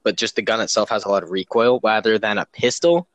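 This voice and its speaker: A man's voice: on the low side, fairly even intonation, fast talker, a bit bright, a little hiss or hum. A young man in casual chat, rambling and easily sidetracked as he explains things.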